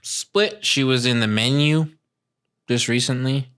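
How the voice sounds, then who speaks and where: A man co-hosting a podcast in casual chat, laid-back and quick to laugh. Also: medium pitch, a bit bright, smooth. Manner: laid-back, laughs often, puts on mock Italian accents. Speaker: podcast co-host.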